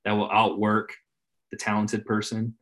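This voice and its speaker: Lowish voice dude chatting easy, lots of swearing, trails off quiet at the ends. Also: male voice, monotone, measured pace. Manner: laid-back, swears freely, drops his voice at phrase ends. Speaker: podcast guest. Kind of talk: casual chat.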